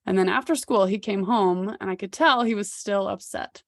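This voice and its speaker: A woman's voice: mid-range voice, normal speed, no echo, studio quality. A woman in her thirties, a podcast co-host, telling a personal story in a candid, reflective way. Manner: candid, reflective, with occasional laughs.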